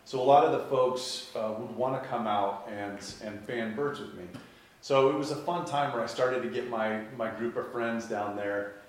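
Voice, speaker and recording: A man telling a personal story in a lively way, often laughing at his own tale. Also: medium pitch, normal speed. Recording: echoey room from far off.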